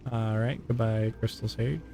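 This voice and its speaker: A man's voice: on the low side, steady tone, moderate pace, over music. A tired, yawning man giving playful, chatty gameplay commentary while streaming. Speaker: gaming streamer.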